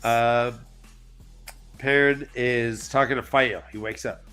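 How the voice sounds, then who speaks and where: A man's voice: mid-range voice, takes it slowly, smooth, soft background music. A man co-hosting a casual podcast, animatedly retelling book chapters and swearing now and then. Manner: animated, acts out characters in exaggerated voices, swears. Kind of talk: casual group chat.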